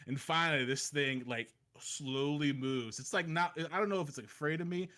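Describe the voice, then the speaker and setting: Man, 30s, podcast guest; bright, slightly high voice; lively storyteller who acts out the voices. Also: moderate pace. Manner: animated, acts out voices in his stories. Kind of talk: casual storytelling chat.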